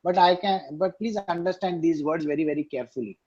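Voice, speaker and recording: A man's voice: a little high, brisk, warm tone, muffled recording. A man giving an emphatic scripture discourse over a video call, repeating key lines and asking his listeners questions. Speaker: spiritual teacher. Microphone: online video call.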